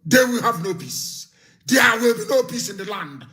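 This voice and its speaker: A man's voice: extremely high pitch, lively intonation, normal speed, sharp tone. A man with a Nigerian accent delivering a fiery live broadcast speech, full of repeated threats and warnings. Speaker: political activist broadcaster.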